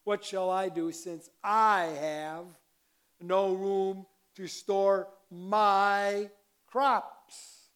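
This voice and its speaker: Guy putting on a smug rich farmer, loud and slow, drawing out every word. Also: a little high, fairly even intonation. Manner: slow, loud, drawn-out proud declaring. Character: boastful greedy rich farmer, middle-aged man.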